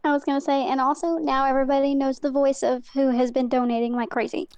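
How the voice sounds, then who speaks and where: A woman's voice: sits high, level tone, fast, a little mellow. A woman calling in to a live stream, an eager, chatty fan. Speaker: caller. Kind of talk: casual call-in chat.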